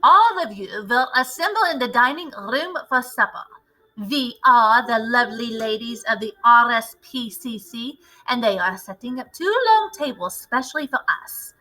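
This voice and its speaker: A woman's voice: on the high side, animated, moderate pace, pushed and bright, rough recording. A woman voicing a ruthless, commanding female witch leader who barks orders at her followers in a storybook reading. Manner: imperious, barking orders.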